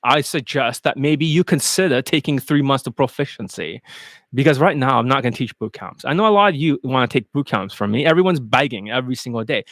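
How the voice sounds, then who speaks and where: A man's voice: mid-range voice, animated, brisk, fairly bright tone, dry recording, studio quality. A man coaching in a casual live-stream sales monologue, blunt and profane, rambling and slipping in and out of put-on accents. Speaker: dating coach.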